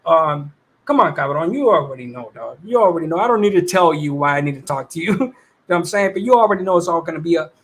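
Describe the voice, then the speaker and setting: Slangy, high-voiced man on a livestream. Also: animated, fast talker. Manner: laid-back slangy talk, swearing, greeting viewers. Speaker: livestream host. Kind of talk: casual livestream chat.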